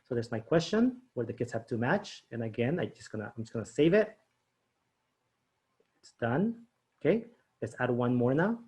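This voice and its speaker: Chatty man demonstrating quiz software. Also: medium pitch, big pitch swings, moderate pace, pauses often. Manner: chatty, frequent "okay?" and "right?" check-ins, thinks aloud. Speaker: teacher trainer. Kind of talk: screen-share training demo.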